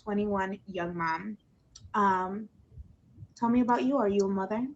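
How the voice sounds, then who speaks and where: A woman's voice: medium pitch, unhurried, lo-fi sound. A woman hosting a casual livestream talk show, effusive and emotional, calling out to her viewers and gushing over her guest.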